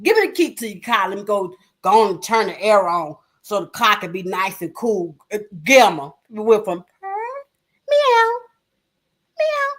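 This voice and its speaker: A woman in her forties hosting a livestream, telling stories to her viewers in a frank, loud, laughing way. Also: mid-range voice, lively intonation, normal speed, hardly any pauses, breathy edge. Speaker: livestream host. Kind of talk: casual chat with viewers.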